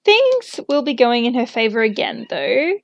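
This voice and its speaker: Young woman, tarot reader, casual chatty delivery, fillers and little laughs, slightly high voice, dry close sound. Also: big pitch swings, moderate pace, no echo, muffled recording.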